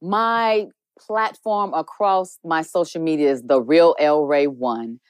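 A woman's voice: sits low, slow, smooth, dry recording. A woman guest in casual podcast chat, speaking earnestly and with faith. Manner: warm, earnest, talks about faith. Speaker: guest, entrepreneur.

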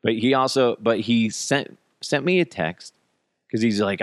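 A man's voice: mid-range voice, a little slow, no echo, studio quality. A middle-aged American man hosting a casual solo podcast, joking and ranting with plenty of profanity. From United States. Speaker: podcast host.

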